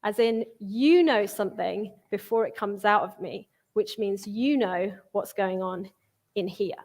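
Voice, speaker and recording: A woman's voice: medium pitch, measured pace, a little mellow. A young woman, preaching in a church in a conversational way and reading scripture with feeling. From England. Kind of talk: sermon.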